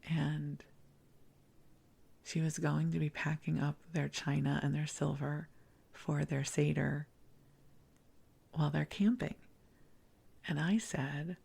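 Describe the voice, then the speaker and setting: A middle-aged woman hosting a sleep podcast, rambling softly in a half-whisper and laughing at herself. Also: low voice, fairly even intonation, slow pace, gravelly, pauses often, husky. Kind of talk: soft bedtime rambling.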